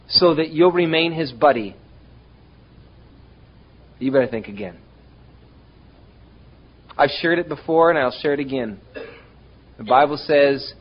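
A man preaching to his congregation in an animated way, tossing out rhetorical questions. His voice sits fairly high for a man. The recording sounds dull and lo-fi. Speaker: pastor. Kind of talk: sermon.

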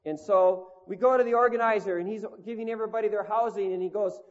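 Fast and high-pitched with fairly even intonation, this preacher and touring band leader tells stories in a chatty, self-deprecating sermon full of "like" and "you know." The lo-fi recording rings with the long echo of a hall.

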